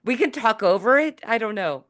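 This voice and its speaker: A woman's voice: a little high, animated, fairly quick, a bit bright. A woman hosting a talk show over a video call, playful and teasing, laughing often. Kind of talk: casual video call chat.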